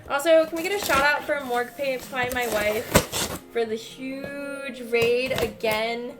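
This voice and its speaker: A woman's voice: high voice, measured pace, loud music behind the voice. A young woman livestreamer chatting casually as she unboxes packages, gushing and swearing freely. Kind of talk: casual chat while unboxing.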